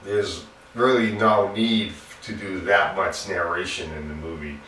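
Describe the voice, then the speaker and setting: A man's voice: low-pitched, steady tone, unhurried, bright, forceful tone. A man giving a casual, rambling film review in an earnest manner. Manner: earnest, repetitive, loose and rambling. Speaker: movie reviewer. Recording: roomy echo, distant mic, faint hum.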